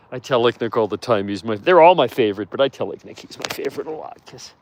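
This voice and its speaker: A man's voice: medium pitch, sing-song, fast, hardly any pauses, a little mellow, slight background noise. A man who cares for wolves at a sanctuary, chatting casually and affectionately while walking among them outdoors and answering viewer questions. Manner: affectionate, cooing at the animals. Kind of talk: casual live walk-and-talk. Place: outdoors in a wolf enclosure.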